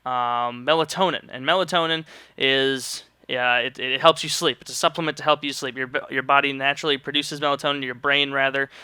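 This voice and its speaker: A man's voice: mid-range voice, steady tone, a little fast, sharp tone, clear, resonant tone, no echo. A young man from St. Louis, Missouri, telling a rambling, joking story in casual vlog style and swearing freely. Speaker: vlogger.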